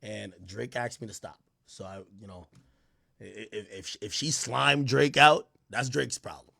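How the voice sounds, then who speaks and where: A man's voice: lowish voice, a little slow, gravelly, pushed and bright, no room sound, clean studio sound. A man chatting casually on his livestream, tipsy, rambling and profane, laughing often and mimicking other people.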